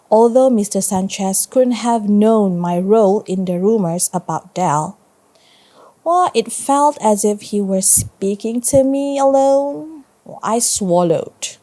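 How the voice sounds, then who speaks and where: A woman teacher reading a story aloud to her pupils and pausing to ask them questions. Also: medium pitch, warm tone. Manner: slow, stops to ask students questions.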